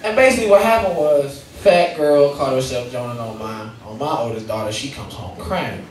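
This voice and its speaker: A male stand-up comedian telling profane stories about fatherhood to a live audience, with shouted punchlines. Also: medium pitch, expressive, fairly quick, hardly any pauses. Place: comedy club stage before a live audience. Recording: echoey room, mic heard from a distance, audience noise.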